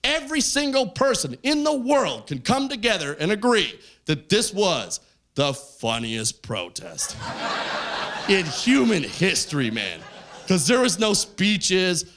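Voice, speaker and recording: Animated high-voiced stand-up man. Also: slow. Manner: animated storytelling, jumping into voices. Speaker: stand-up comedian. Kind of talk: stand-up comedy performance. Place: stage in front of a live audience.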